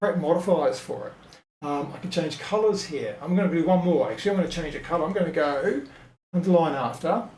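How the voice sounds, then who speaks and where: A man with a slightly high voice walks through a web design tutorial, muttering and correcting himself as he clicks along. The room is echoey, with a faint hum of ambience behind him. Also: lively intonation, a little fast, a little mellow. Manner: thinking aloud with many ums and self-corrections. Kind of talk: casual screen-recorded tutorial.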